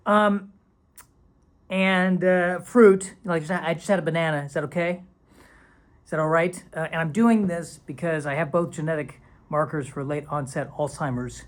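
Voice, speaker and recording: A man's voice: on the high side, steady tone, normal speed. Playful rambling man vlogging. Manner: playful, rambling, slips into silly whispers and mock voices. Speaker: video creator. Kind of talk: casual talking-head vlog.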